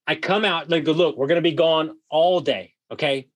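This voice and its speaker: A man telling a wild story as a podcast guest, animated, swearing freely and full of "like" fillers. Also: a little high, moderate pace. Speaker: guest, vacation rental host. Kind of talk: casual storytelling.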